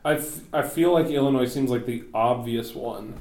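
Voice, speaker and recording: A man co-hosting a sports podcast, chatty and casual, often pausing with ums as he works things out. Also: medium pitch, darkish tone. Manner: chatty, hesitant with lots of ums. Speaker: podcast co-host. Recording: echoey room.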